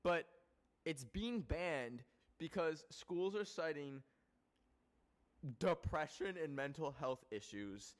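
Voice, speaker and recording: A young man from Canada, a streamer ranting casually to his live chat, animated and rambling, full of swearing and filler words. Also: on the high side, slow pace, long pauses.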